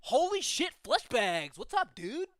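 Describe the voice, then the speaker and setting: A man's voice: very high voice, big pitch swings, unhurried, fairly bright tone, no room sound, voice pushed up, heavily acted. A man voicing a laid-back, surfer-dude bird demon who guards a gate in a tabletop game, drawling with lots of "like" and "dude". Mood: excited. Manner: drawling slacker talk full of "like" and "dude".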